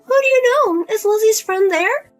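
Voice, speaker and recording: A woman's voice: extremely high pitch, expressive, moderate pace, soft background music. A woman voicing a pushy middle-aged mother who nags and guilt-trips her grown daughter. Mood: nagging, whiny. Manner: nagging, pleading, guilt-tripping.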